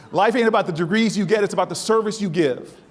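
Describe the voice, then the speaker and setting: A man's voice: high-pitched, a little hiss or hum. A man giving a stirring, preacher-like speech to a conference, building to soaring emphasis. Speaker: keynote speaker. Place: large conference hall. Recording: long reverb of a large hall.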